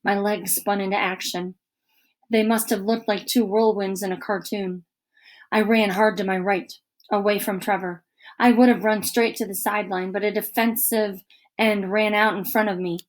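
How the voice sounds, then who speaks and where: A woman narrating a children's book aloud in an expressive, lively storytelling manner. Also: medium pitch, moderate pace. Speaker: audiobook narrator.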